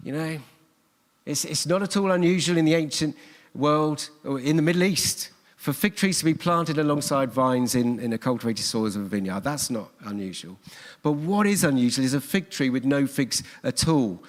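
A man's voice: a little high, expressive, moderate pace. A man preaching a sermon in a church, telling the story earnestly and repeating his key phrases for emphasis. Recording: long church hall reverb.

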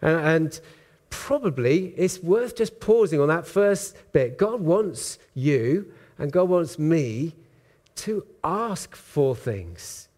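A man preaching a sermon in church, in a relaxed conversational way with frequent ums and uhs. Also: fairly high pitch, takes it slowly. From Britain. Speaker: pastor.

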